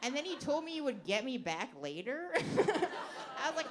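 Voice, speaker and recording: A woman's voice: high voice, sing-song, normal speed, a crowd in the background, background noise. A young woman performing a stand-up comedy set on a club stage into a handheld mic, rambling with lots of filler words and frequent giggles.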